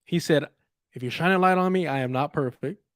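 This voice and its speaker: A man's voice: fairly high pitch, brisk, no echo, studio quality. Profane, heated young male commentator. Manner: angry, profane, sarcastic, mocks others in put-on quotes. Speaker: political commentary streamer.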